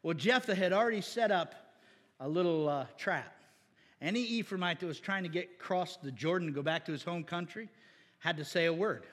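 A man with a high voice preaches to his congregation in a loose, folksy way, tossing questions out to them. His words ring with a long reverb, as if in a church sanctuary. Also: a little fast, a bit bright. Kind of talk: conversational sermon.

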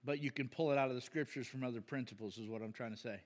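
Speaking very fast in a mid-range voice, a male pastor preaches in a church where the big-room sound is clear. His delivery is blunt and animated, and he keeps up a running exchange with the congregation.

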